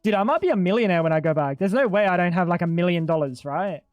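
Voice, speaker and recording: A man's voice: high-pitched, expressive, fast talker, no room sound, dull audio. A young man livestreaming a game, bantering with his chat in a joking, profane way. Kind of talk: casual gaming livestream chat.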